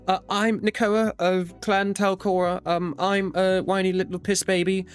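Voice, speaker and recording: A man's voice: high-pitched, flat delivery, measured pace, clear, resonant tone, soft background music, voice pushed up. A man voicing a whiny, nervous young male would-be adventurer who stammers hesitantly.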